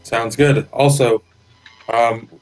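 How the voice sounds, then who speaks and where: A man's voice: medium pitch, steady tone, takes it slowly, a little mellow, rough recording. Easygoing male player.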